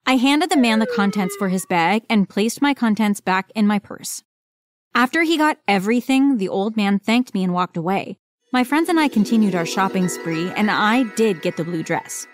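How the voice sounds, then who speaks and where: Woman narrating a dramatic first-person story. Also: on the high side.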